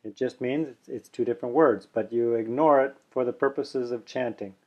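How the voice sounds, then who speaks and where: A man teaching pronunciation, who explains slowly and then chants the examples with careful, deliberate delivery. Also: mid-range voice, a little mellow, dull audio. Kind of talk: pronunciation lesson with slow chanting.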